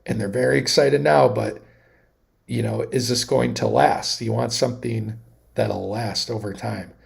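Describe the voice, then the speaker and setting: Gravelly husky guy rambling on his livestream, lots of restarts, gets animated. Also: medium pitch, measured pace. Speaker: livestream host. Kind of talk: casual livestream chat.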